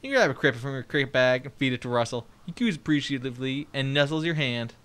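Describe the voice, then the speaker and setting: Lively, bright-voiced gameplay commentator. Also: mid-range voice, fast. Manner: reads on-screen game text aloud with joking asides; chatty, swears and laughs, talks to viewers. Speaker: let's play host.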